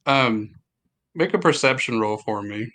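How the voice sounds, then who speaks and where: A man narrating as game master for a tabletop game, halting and full of fillers. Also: medium pitch, expressive, pushed and bright. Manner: halting, many fillers, laughs often.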